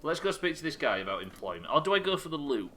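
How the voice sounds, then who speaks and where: A man's voice: fairly high pitch, very animated, quick pace, bright, forceful tone. Sarcastic, sweary English man. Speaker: streamer. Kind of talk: live gameplay commentary.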